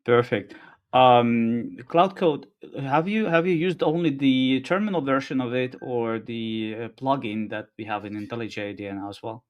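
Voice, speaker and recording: A man hosting a livestream, asking brief questions in a soft-spoken way over a video call. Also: mid-range voice, moderate pace. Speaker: livestream host. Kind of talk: casual interview. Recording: dull lo-fi call audio.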